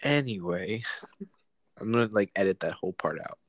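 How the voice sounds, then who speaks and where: A man's voice: fairly low pitch, expressive, normal speed, no room sound. Young man, profane casual podcast banter. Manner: loose, profane banter with friend. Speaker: podcast host. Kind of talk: casual chat.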